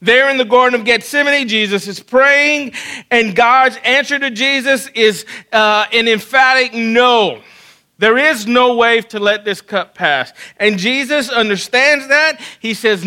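Earnest, high-voiced preacher man. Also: a little slow, clear, resonant tone, low-quality recording. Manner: earnest, with frequent restarts and repeated words; swings between hushed, low passages and loud, emphatic stretches. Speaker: pastor. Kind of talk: sermon.

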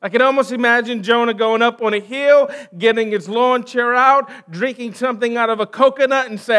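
High-voiced American pastor preaching. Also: male voice, fairly even intonation, brisk, hardly any pauses, smooth. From United States. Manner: dramatic shifts between loud emphasis and quiet trailing endings; conversational, asks the congregation questions. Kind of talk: sermon.

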